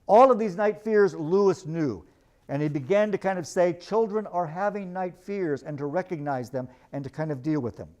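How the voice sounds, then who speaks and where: A man's voice: fairly high pitch, brisk, a little mellow. A man giving a literature lecture, animatedly retelling a story and reading passages aloud.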